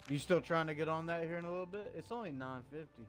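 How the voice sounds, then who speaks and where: A man's voice: fairly high pitch, fast talker, a bit bright, soft background music. A man streaming and chatting with friends, brash and trash-talking with lots of swearing. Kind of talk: casual chat.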